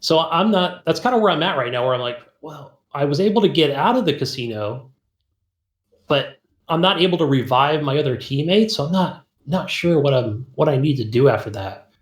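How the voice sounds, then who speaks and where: A man's voice: a little high, expressive, a little fast, roomy sound. A man co-hosting a podcast, telling a rambling, laughing story about a video game and acting out its dialogue. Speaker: podcast co-host. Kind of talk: casual gaming chat.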